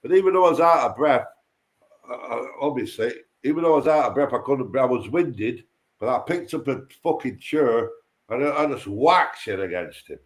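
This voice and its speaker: A man's voice: mid-range voice, lively intonation, moderate pace. Rambling, sweary man telling a story. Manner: rambling, sweary, repeats himself and stumbles on words. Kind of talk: casual storytelling.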